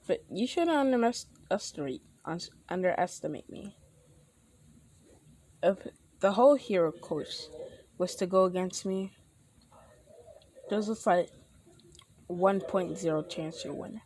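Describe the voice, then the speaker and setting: A man's voice: high voice, a little slow, pauses often, a little mellow, slight background noise. A young man voicing a cocky eight-year-old boy with super speed, who boasts and stumbles over his words.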